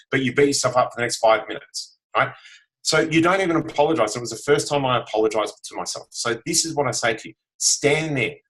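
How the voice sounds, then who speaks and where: A man's voice: mid-range voice, a bit bright, poor audio. A man, giving a frank, earnest motivational talk as a guest over a video call. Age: 40s. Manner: earnest, frank, frequent "right?" tags. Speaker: guest self-help speaker.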